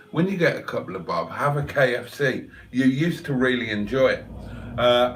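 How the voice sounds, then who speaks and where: A man's voice: mid-range voice, a bit bright, far from the mic. A man hosting a livestream and reading out chat in a playful, wry, mock-theatrical way. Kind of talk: casual chat.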